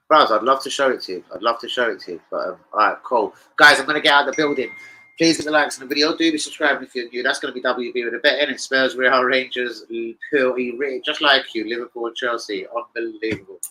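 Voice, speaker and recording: A football betting vlogger, excitable and swearing freely, chats loosely to camera about his bets and jumps from thought to thought. His medium-pitched voice is bright and forward, and he rambles fast yet casually on a low-quality recording with slight background noise.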